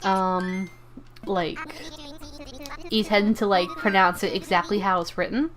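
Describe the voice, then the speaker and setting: A woman's voice: mid-range voice, fairly even intonation, a little slow, fairly bright tone. Chatty woman rambling on a live stream. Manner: chatty and rambling, stumbles and repeats words; playful, talks to viewers and game characters. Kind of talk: casual live-stream chat while gaming.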